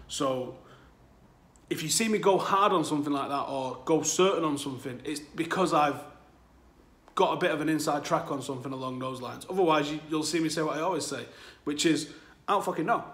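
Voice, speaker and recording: A man's voice: a little high, fairly quick, a bit bright, reverberant. A man hosting a football channel, talking candidly to his audience from home and swearing freely. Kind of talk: casual monologue to camera. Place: at home, new flat.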